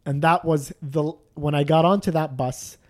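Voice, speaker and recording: A man's voice: a little high, fairly even intonation, moderate pace. A man in casual chat telling a long travel story, rambling with restarts and self-deprecating jokes.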